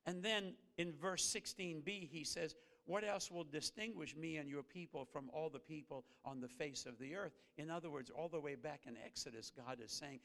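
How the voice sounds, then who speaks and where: A man preaching a sermon as a guest pastor, earnest, rising to emphatic peaks and then dropping low and slow. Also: creaky, fairly bright tone. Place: church sanctuary. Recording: reverberant church hall.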